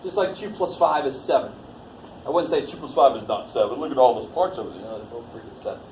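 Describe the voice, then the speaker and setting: A man's voice: mid-range voice, animated, fast talker, a little mellow. A man teaching a college math class in a casual, jokey way, swearing lightly and quizzing the students as he goes. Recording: echoey classroom with faint noise.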